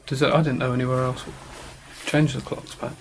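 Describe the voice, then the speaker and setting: A man's voice: medium pitch, level tone, brisk, gravelly, a crowd in the background. A young man in his twenties from Oxfordshire with an English accent, chatting hesitantly with fillers on a livestream. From England, Oxfordshire. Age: 20s. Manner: hesitant, many short agreements and fillers. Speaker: shop helper. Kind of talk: casual livestream chat.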